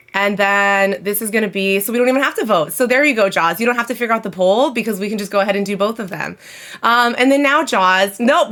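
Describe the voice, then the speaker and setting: A woman's voice: medium pitch, fairly bright tone. A woman livestreaming from home, chatting casually and rambling to her viewers. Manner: chatty, rambling, talks to chat. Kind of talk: casual live-stream chat.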